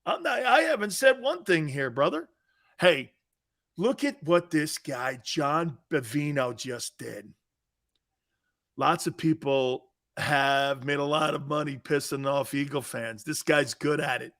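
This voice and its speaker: A man in his fifties hosts a casual sports live stream, bantering loosely with his chat. His voice sits a little high for a man and swings all over the place, from big bursts down to quieter asides. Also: a little slow. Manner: animated, bantering, often laughing. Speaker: sports show host.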